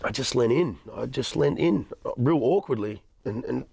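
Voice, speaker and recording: Earnest Australian male guest in his thirties, gravelly voice, dry recording. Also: mid-range voice, lively intonation, moderate pace, darkish tone, no room sound. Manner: earnest, frequent restarts and stammers. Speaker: interview guest. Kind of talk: personal testimony in conversation.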